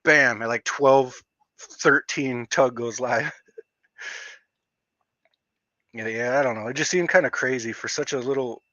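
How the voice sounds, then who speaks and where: Bright-voiced streamer man with a slight stutter. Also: mid-range voice, a little slow, long pauses, dry recording, highs cut off. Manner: rambling, with frequent fillers and restarts. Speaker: livestream host. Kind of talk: casual livestream rant.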